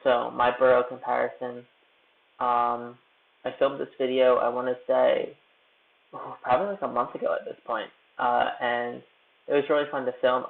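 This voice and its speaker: A man's voice: mid-range voice, creaky. A young man chatting casually on his live stream from a hotel room, rambling and self-deprecating as he edits. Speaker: YouTube creator live-streaming. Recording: tinny phone-like audio.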